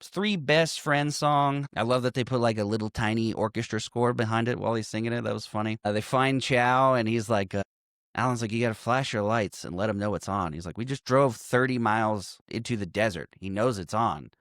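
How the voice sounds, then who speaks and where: A man co-hosting a podcast, casually recapping a movie in animated fashion, swearing and acting out the characters' lines. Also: fairly low pitch, a little fast, no echo, studio quality. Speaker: podcast co-host.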